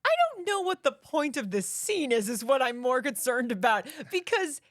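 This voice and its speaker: A woman's voice: high-pitched, sing-song, moderate pace, dry recording, clean studio sound. A young adult woman co-hosting a podcast, chatting bluntly and opinionatedly about a movie and swearing casually. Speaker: podcast co-host. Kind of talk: casual movie review chat.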